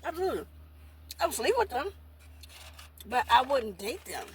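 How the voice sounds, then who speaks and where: A woman's voice: high-pitched, sing-song, normal speed, a little hiss or hum. A woman vlogging in a casual monologue, talking bluntly and rambling, repeating herself while she eats. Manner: talks while eating.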